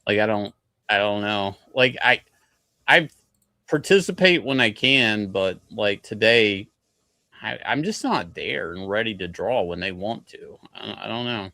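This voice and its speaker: Low-voiced, blunt man on a dry mic. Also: lively intonation, a little slow, bright, forceful tone, dry recording. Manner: blunt, profane, matter-of-fact. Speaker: guest artist. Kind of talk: casual livestream chat.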